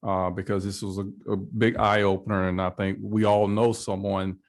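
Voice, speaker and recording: A man with a lowish, fairly flat voice speaks up at a committee hearing. As a state representative, he offers polite, halting thanks and uses fillers between phrases.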